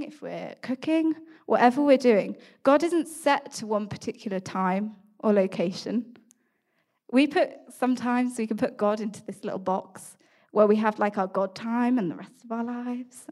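Chatty young woman sharing faith. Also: mid-range voice. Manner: chatty storytelling with fillers and asides; drops to a hush when quoting. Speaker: podcast host. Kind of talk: devotional talk.

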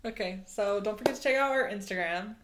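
A woman's voice: medium pitch, fairly quick, a loud crowd. A young woman co-hosting a casual chat podcast, cracking dry teasing quips and laughing a lot. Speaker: podcast co-host.

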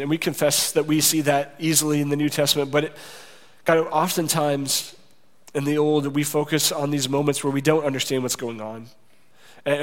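Earnest pastor in a reverberant church. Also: male voice, fairly high pitch. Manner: earnest, confessional, softens into quiet prayer. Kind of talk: sermon and closing prayer. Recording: reverberant hall.

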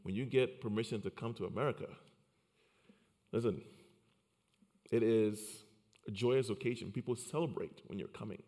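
Earnest low-voiced man in a hall. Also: moderate pace, pauses often, dark tone. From Liberia. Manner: earnest, repeats words when starting a thought. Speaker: speaker. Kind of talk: personal storytelling talk. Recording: long hall reverb.

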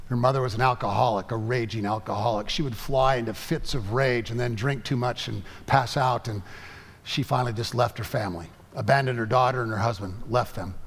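Emotive preacher in a reverberant hall. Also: male voice, mid-range voice. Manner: emotive storytelling with halting repetitions. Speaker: pastor. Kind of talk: sermon.

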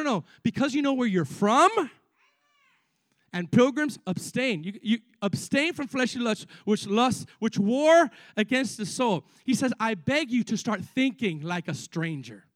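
A young man preaching a lively sermon, stuttering repeats and quick asides to the congregation. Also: high voice, dry recording. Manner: excitable, repeats words, frequent asides to the congregation. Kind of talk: energetic sermon.

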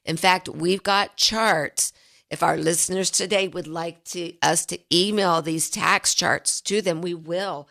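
A woman's voice: on the low side, fairly even intonation, unhurried, gravelly, fairly bright tone. A woman financial advisor hosting a radio talk show, telling stories in an earnest, chatty way. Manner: storytelling, earnest. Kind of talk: casual radio chat.

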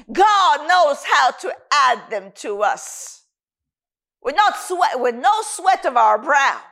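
A woman preaching a sermon and quoting scripture, slow and emphatic. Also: very high-pitched, pushed and bright.

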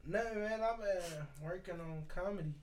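A man's voice: high-pitched, normal speed, a little mellow. A man co-hosting a casual podcast, joking around and laughing with friends. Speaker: podcast co-host.

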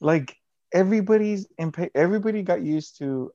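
A man's voice: medium pitch, unhurried, darkish tone, dry recording, highs cut off. A man in casual chat, talking in a rambling, slangy way with plenty of swearing.

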